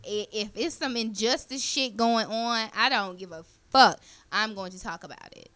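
A woman's voice: on the high side, normal speed, hardly any pauses, bright, forceful tone. A woman co-hosting a casual podcast chat, blunt and provocative, joking loosely with friends. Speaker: podcast co-host.

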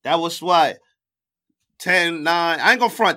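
A man with a bright, forceful, fairly high voice co-hosts a casual live stream. He reads the chat aloud, hands out scores, and stays animated and quick to laugh. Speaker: co-host rating tracks.

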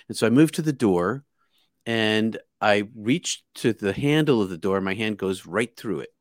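A man from outside Boston tells a story aloud in an earnest, vivid way, often repeating and restarting his words. His voice sits fairly low. The sound is dry, with no room echo. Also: normal speed. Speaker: guest. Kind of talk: casual spoken storytelling.

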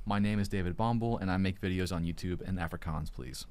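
Fast-talking low-voiced male podcast host. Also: a little mellow, clean tone. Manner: playful, upbeat. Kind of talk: casual chat.

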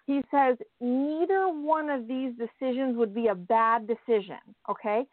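A woman working as a psychic medium on a call-in radio show, relaying messages in a halting way with many repeated words, speaking from a small closet. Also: fairly high pitch, no room sound. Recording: thin phone line, dry.

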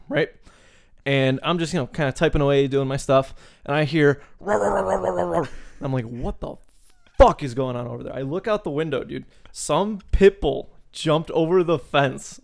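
A man's voice: fairly high pitch, gravelly. A man co-hosting a podcast, telling loose, profane stories with plenty of laughs in casual chat. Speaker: podcast co-host.

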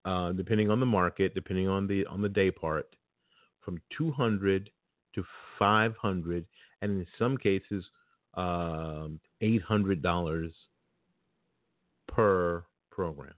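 A podcast talk-show host with a very low voice takes it slowly as he gives a blunt, opinionated, casual monologue aimed right at his listeners. The sound is phone-like and tinny, close and dry, with no room reverb.

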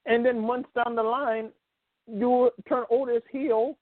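A man's voice: very high voice, flat delivery, takes it slowly, dry recording. A man hosting a casual sports talk show, rambling with many fillers and restarts. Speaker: podcast host. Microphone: phone call. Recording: tinny phone line, dry.

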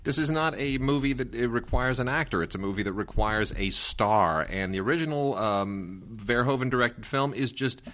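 A man's voice: medium pitch, moderate pace, few pauses, fairly bright tone. A man co-hosting a film review show, giving enthusiastic, opinionated takes. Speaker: film critic co-host. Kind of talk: casual film review chat.

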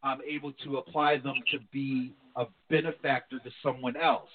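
A man's voice: medium pitch, moderate pace. A man from New Jersey, a pastor, talking candidly and reflectively in a casual talk show chat. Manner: candid, reflective, animated when quoting his wife. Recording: tinny phone line.

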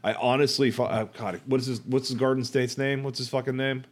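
A man's voice: medium pitch, flat delivery, fairly quick. A man co-hosting a comedy podcast, giving blunt, profane opinions in casual chat. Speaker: podcast co-host.

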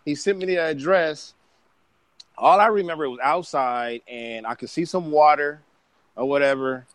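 A man's voice: a little high, moderate pace, no echo. A man telling stories in a casual podcast chat, full of restarts and profanity. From Bay Area, California. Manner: animated storytelling with restarts and profanity.

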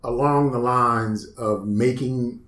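A man's voice: mid-range voice, fairly even intonation, takes it slowly, a bit bright, slight background noise. A man co-hosting a casual comedy podcast with dry, offhand commentary. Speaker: podcast co-host. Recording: roomy echo.

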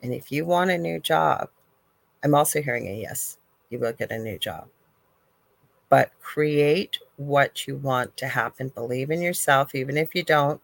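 A Canadian woman gives quick psychic readings on her talk show, talking to listeners in a chatty, encouraging way and often laughing at herself. Her voice has a gravelly edge. It is recorded dry and close. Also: rumbling low, dry recording, poor audio. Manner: chatty, encouraging, repeats herself, self-deprecating asides. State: briefly coughing. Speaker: psychic radio host.

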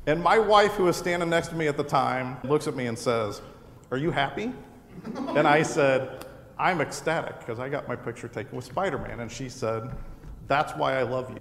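A man's voice: mid-range voice, fairly bright tone, slight background noise. A man hosting a live show, telling a funny personal story to an audience with laughter in his voice. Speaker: podcast host. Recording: echoey hall with a live audience.

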